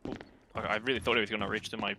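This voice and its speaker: A man's voice: on the low side, flat delivery, very fast, background noise. A man watching a friend play a game, chatting casually in a dry, teasing way and slipping into silly voices for jokes. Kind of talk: casual chat while gaming. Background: game music.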